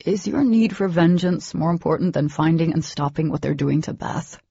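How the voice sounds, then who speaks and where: A woman's voice: sits low, normal speed, creaky, dark tone, slightly rough, no room sound, exaggerated voice. A woman voicing an intense young man who speaks in an earnest, pressing way. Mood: grave. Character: intense young man, grave older brother. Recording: dull lo-fi recording.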